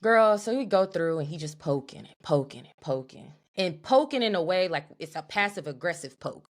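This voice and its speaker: A young woman co-hosting a podcast, telling an animated, profane story in a casual chat. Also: lowish voice, moderate pace. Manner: animated, profane, talks to her co-host as "girl". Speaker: podcast co-host.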